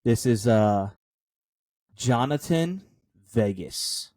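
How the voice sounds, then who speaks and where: A man chatting on a sports podcast in a dry, close recording with no room sound. He keeps things playful, tossing out jokes and goofy asides. His voice sits at an ordinary middle pitch. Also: expressive, drawn-out words, darkish tone, dry recording. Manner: joking, playful banter. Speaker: podcast co-host. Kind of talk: casual sports chat.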